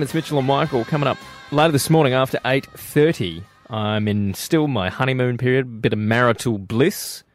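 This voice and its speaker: A man with an Australian accent, hosting breakfast radio in jokey, animated banter. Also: mid-range voice, moderate pace, hardly any pauses, soft background music. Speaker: radio host. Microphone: studio mic.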